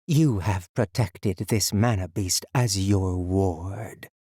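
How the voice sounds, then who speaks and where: A male narrator voicing a stern, motherly female spirit, speaking slowly and solemnly in a deep voice. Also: dark tone, husky, dry recording, studio quality, exaggerated voice. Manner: slow, measured and solemn.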